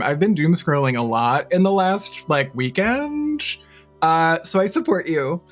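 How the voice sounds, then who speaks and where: Bubbly woman streamer, lively pitch. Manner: chatty, bubbly, laughs often. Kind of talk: casual live-stream chat. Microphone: desk mic.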